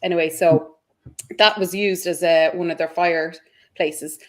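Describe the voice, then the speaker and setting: Eager low-voiced woman. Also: steady tone, measured pace. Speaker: paranormal investigator guest. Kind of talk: storytelling in conversation.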